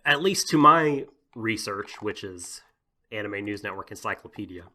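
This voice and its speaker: Bright-voiced man in rambling podcast chat. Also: fairly low pitch, animated, normal speed. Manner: rambling, full of "like" and "you know", laughs often. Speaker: podcast co-host. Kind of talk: casual podcast discussion.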